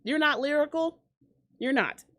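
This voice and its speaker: A woman hosting a casual reaction commentary, sarcastic and profane, tossing out quick asides. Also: sits high, fairly bright tone. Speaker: commentary host.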